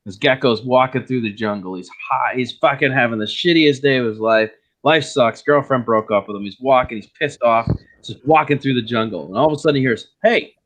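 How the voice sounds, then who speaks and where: पुरुष, गालियों भरा बेतकल्लुफ़ चुटकुला सुनाने वाला. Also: male voice, mid-range voice, a little fast, hardly any pauses, a bit bright. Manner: crude, swearing storyteller. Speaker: chat participant telling a joke. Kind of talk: casual chat. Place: online voice chat.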